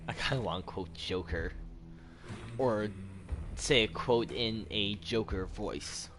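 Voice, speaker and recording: A man giving casual, rambling gameplay commentary, mocking himself and talking to his character. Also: noisy background. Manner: unhurried, with sudden squeaky jumps in pitch. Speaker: gaming channel host.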